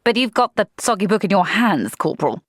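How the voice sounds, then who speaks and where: A woman voicing a calm, precise young male lieutenant giving clipped orders. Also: medium pitch, a little fast, dry recording, studio quality. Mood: calm reasoning.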